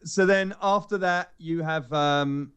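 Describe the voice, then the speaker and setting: A man's voice: fairly high pitch, slow, clean tone. A man on a podcast, casually retelling a film scene by scene and acting out the characters' lines. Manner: animated storyteller acting out lines in character voices. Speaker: podcast co-host recounting a film screening. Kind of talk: casual chat.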